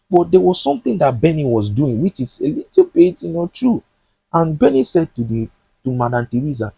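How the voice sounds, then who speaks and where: A man's voice: a little high, very animated, normal speed, gravelly, dark tone, husky, no echo, rough recording. A man recapping a drama series in chatty, sympathetic commentary. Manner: chatty, sympathetic, uses fillers. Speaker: movie recap presenter.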